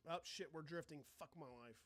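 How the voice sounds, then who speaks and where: High-voiced man hosting a casual livestream. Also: fairly quick, fairly bright tone. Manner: chatty, swears, answers viewer comments; sarcastic toward trolls. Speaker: astronomy livestream host. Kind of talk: casual live commentary.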